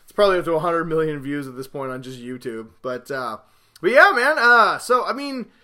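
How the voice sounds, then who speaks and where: An excitable man hosts a casual podcast, rambling through stories and getting louder as they build. His voice sits high and sounds bright and forceful. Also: a little fast. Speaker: podcast host.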